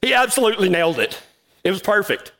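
A man's voice: high voice, big pitch swings, quick pace, fairly bright tone. A middle-aged man telling a folksy story in a cowboy sermon, drawling and laughing at his own tale. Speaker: cowboy preacher.

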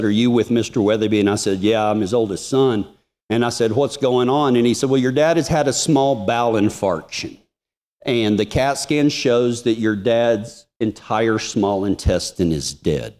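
A male preacher tells a personal story in a sermon, mid-pitched. He moves from raised, high-pitched emphasis down to hushed, quiet passages. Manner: swings from loud high emphasis to hushed low tones.

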